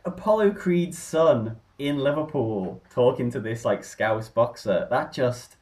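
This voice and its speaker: A man in casual conversation, telling stories with enthusiasm and animated energy. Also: mid-range voice, unhurried. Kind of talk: casual film chat.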